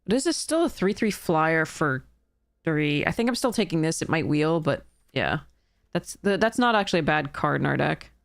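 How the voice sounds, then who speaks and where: A woman's voice: deep voice, lively intonation, normal speed, creaky, no room sound, clean studio sound. Woman thinking aloud while streaming. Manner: thinks aloud, self-deprecating, laughs at own mistakes. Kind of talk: casual livestream commentary while drafting.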